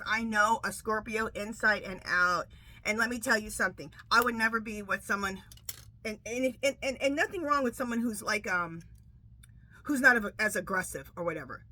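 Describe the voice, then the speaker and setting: A middle-aged woman chats through a casual tarot vlog, animated and talkative, tagging "okay?" onto nearly every thought. Her voice sits a little high and sounds strikingly bright. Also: rough recording. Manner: chatty and animated, says "okay?" constantly, laughs a lot while storytelling. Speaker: tarot reader and channel host. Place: outdoors at home.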